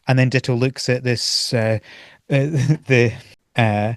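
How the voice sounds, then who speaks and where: A man co-hosting a casual gaming podcast, excitable, acting out his own reactions. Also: mid-range voice, normal speed, dry recording, studio quality. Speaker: podcast co-host.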